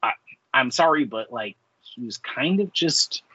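A man's voice: mid-range voice, animated, unhurried, pushed and bright, husky, dry recording, lo-fi sound. A man in his forties co-hosting a podcast, talking in a rambling casual way full of filler words and ranting. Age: 40s. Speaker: podcast co-host. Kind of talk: casual chat.

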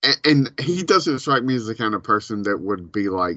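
A man co-hosting a podcast, chatting casually in a halting, hesitant way full of fillers. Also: on the low side, big pitch swings, fairly bright tone, no echo, lo-fi sound. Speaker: podcast co-host. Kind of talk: casual chat reviewing a show.

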